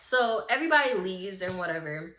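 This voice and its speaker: A woman vlogger telling a story in casual chat, lively, acting out what people said and talking straight to her viewers. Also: medium pitch, a little fast, a little hiss or hum. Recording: roomy echo with faint music.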